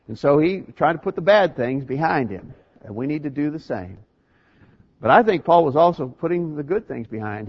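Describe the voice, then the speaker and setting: A man's voice: a little high, slightly rough, muffled recording. A man preaching a sermon in an earnest, emphatic way, often restarting his phrases.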